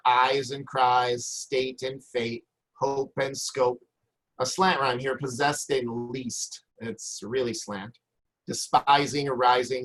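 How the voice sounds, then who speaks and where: A man's voice: medium pitch, fairly bright tone, low-quality recording. A man teaching a recorded lesson at his computer, rambling and hesitant, with frequent fillers and restarts. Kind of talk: recorded lecture.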